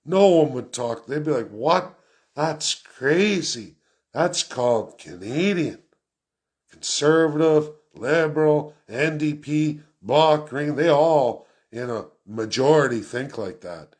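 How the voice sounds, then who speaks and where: A man giving an unscripted political rant as a vlogger, talking quickly and emphatically and repeating phrases for effect. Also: fairly high pitch, expressive, darkish tone. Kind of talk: unscripted ranting monologue.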